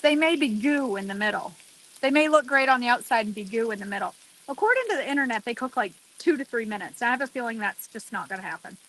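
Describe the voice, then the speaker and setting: A woman with a fairly high voice chats casually while she cooks outdoors on a deck. She talks straight to her viewers and exclaims freely as she works. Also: fairly bright tone. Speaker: cooking vlogger. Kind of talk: casual chat while cooking.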